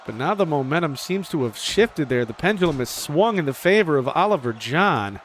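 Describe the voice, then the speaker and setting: A man giving casual play-by-play commentary over a video game wrestling match, excitable, jumping up in pitch on the big moves. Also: moderate pace, slight background noise.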